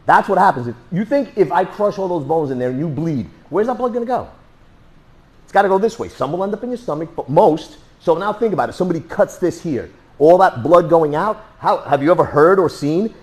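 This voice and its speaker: A self-defense instructor, a man with a fairly high voice that swings widely as he talks. He is blunt and joking, swears freely, and punctuates his demonstrations with sound effects. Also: animated, brisk, a little mellow. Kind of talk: hands-on class instruction.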